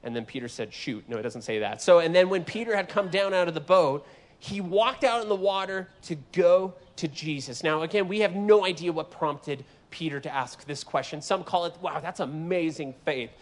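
A man preaching a sermon in an animated, joking way, acting out voices from the scripture he reads. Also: sits high, a little fast. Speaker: guest preacher.

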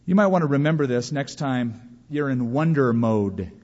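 Animated male preacher in a reverberant hall. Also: medium pitch, moderate pace. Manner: animated, acts out imagined complaints in a raised voice. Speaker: pastor. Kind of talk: sermon. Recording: dull lo-fi sound with long reverb of a large hall.

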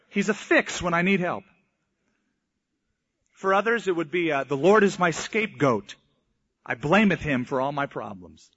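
Male pastor with a higher-than-usual voice, storytelling sermon delivery, dull lo-fi recording. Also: a bit bright, breathy edge. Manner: storytelling preacher, voices quoted people in mock old English. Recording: dull lo-fi sound.

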